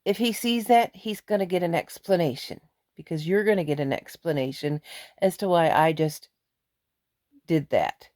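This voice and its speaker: A woman's voice: fairly low pitch, moderate pace, dark tone, no room sound, clean studio sound. A middle-aged woman venting angrily in a vlog, blunt and emphatic. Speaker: vlogger. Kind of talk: angry ranting vlog.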